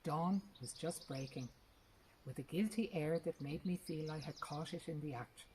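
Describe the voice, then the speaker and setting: A woman reads a short story aloud, her voice low and her telling lively and expressive. Faint birdsong sits in the background of the recording. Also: moderate pace, a little hiss or hum, low-quality recording. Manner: lively, expressive first-person narration. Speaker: reader.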